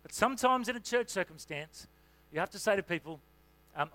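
A man who is a senior pastor, preaching a sermon in a relaxed, conversational way with lots of "you know" fillers. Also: high-pitched, fairly quick.

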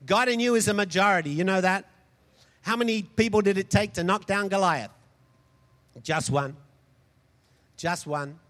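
A man's voice: sits high, normal speed, pauses often, a bit bright. A man preaching a sermon, emphatic and calling out to the congregation for responses. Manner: emphatic, calls out for audience responses. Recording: long hall reverb.

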